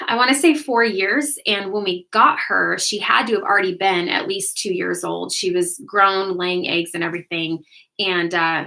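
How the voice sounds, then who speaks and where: An American woman hosts a casual livestream, her voice bright and forward. She chats warmly with viewers and laughs often while answering their comments. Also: medium pitch. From United States. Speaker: livestream host.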